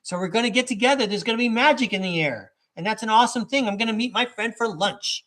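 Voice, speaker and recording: A man's voice: sits high, expressive, fast talker, bright, forceful tone. Chatty, rambling man reading tarot live. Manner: rambling and chatty, with many fillers and asides; chuckles between thoughts. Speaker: tarot reader and podcast host.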